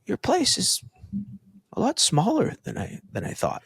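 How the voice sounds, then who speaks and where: A guy doing a high squeaky frenchman, blunt and tactless, mocking tone, dry close sound. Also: huge pitch swings, a little slow, creaky, a bit bright, husky, no echo, heavily acted. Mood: teasing. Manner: high, mocking put-on imitation.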